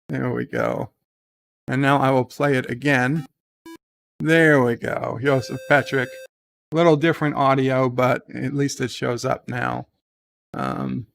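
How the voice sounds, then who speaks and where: A man's voice: medium pitch, vocal fry, fairly bright tone. A man hosting a casual live stream, chatting and rambling as he reads viewer comments aloud. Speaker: live-stream host reading chat.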